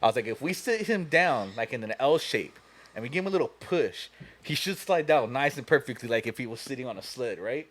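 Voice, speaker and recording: A man's voice: mid-range voice, lively intonation, a little fast, fairly bright tone. A young man hosting a podcast, telling a long story casually, profane and laughing as he goes. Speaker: podcast host.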